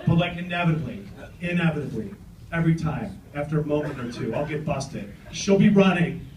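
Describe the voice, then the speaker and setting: A man in his forties doing a stand-up set on a club stage, brash, with loud punchlines and banter with the crowd. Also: a little high, animated, brisk, distant mic, background noise. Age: 40s. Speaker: stand-up comedian. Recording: roomy club with crowd laughter. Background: audience laughing.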